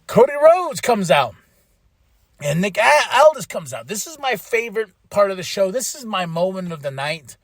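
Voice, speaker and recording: A man hosts his own podcast and recaps a wrestling show in casual chat. His voice sits high for a man, and he sounds animated, laughing often and acting out what the wrestlers said. The sound is dry and close, with no room around it. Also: moderate pace, no room sound. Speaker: podcast host.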